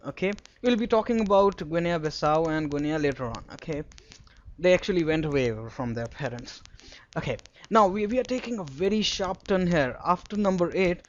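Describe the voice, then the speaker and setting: A man's voice: a little high, highs cut off, a little hiss or hum. Indian-accented man teaching from a map. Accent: Indian English. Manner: chatty, explains with memory stories and spells words out. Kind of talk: screen-recorded map lesson.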